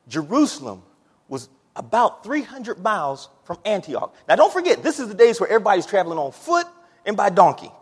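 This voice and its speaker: Male preacher, high and very lively pitch, rises from hushed asides to shouts, long church reverb. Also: husky. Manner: animated, swings from quiet to shouting, laughs between points. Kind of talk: sermon.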